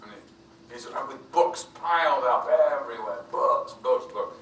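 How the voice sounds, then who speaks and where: A man telling anecdotes in a bright, forceful voice, jumping into other people's voices as he quotes them. He sits some distance from the mic in an echoey convention room, with faint noise behind him. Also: mid-range voice, animated, a little slow. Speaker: film actor interviewed as guest. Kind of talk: anecdotal storytelling. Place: convention venue.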